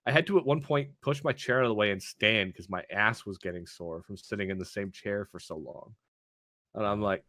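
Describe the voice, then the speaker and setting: A man co-hosting a gaming podcast, telling relaxed stories and slipping into mock-formal asides. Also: on the low side, brisk, no room sound, clean studio sound. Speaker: podcast co-host. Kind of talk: casual chat.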